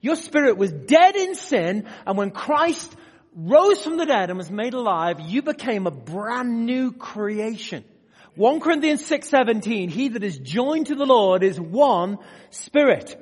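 A man preaching a sermon to a live audience, swinging between loud emphatic bursts and quiet asides and often putting questions to the room. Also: extremely high pitch, sing-song, unhurried, husky. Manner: asks the audience direct questions. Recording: long hall reverb.

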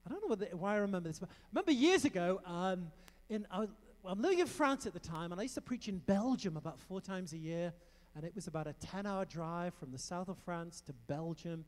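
A high-pitched man delivers a sermon, switching between hushed asides and loud, emphatic bursts as he tells a story. His voice rings out with a long reverb, as if filling a big church hall. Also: fairly quick. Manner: animated storytelling with emphatic outbursts. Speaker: preacher.

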